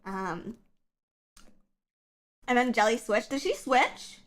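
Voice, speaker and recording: A woman chatting on a livestream, her voice scratchy and a little rough from the early hour. She rambles casually, stringing thoughts together with plenty of fillers. Her voice sits somewhat high for a woman. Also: slow. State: scratchy morning voice. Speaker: streamer.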